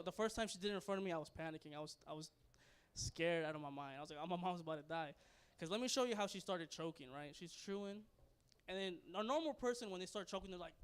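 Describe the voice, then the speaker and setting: A man's voice: high-pitched, fairly bright tone, smooth. A young man doing a stand-up comedy set, loose and crude, rambling and laughing at his own jokes. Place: comedy club stage.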